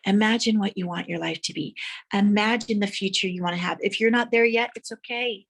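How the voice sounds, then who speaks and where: A woman's voice: medium pitch, brisk, creaky, breathy edge. A woman giving a motivational speech, telling vivid stories and guiding listeners to imagine their dreams. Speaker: motivational speaker.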